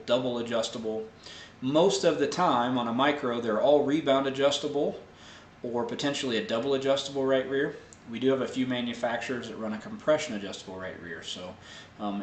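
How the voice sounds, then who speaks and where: A man hosting a live question-and-answer show, explaining technical answers in a relaxed way with many fillers. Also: medium pitch, echoey room, a little hiss or hum. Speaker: host answering viewer tech questions. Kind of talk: casual live Q&A.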